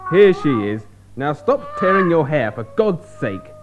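An actor playing an impatient, exasperated parent in an English-learning radio sketch. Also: male voice, fairly high pitch, big pitch swings, measured pace, muffled recording, over music.

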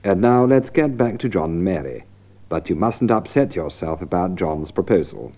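Narrador grave e didático de aula de inglês. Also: male voice, low voice, animated, lo-fi sound, a little hiss or hum. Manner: clear, deliberate, repeating for emphasis. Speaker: narrator and presenter of an English lesson. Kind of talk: scripted narration for language learners.

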